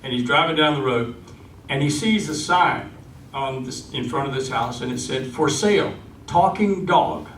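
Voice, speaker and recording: A man's voice: mid-range voice, normal speed, a little hiss or hum. A man performing live, singing a folksy song and telling jokes in an easygoing way. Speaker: folk singer and storyteller. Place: live venue. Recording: echoey live room, far mic, loud guitar.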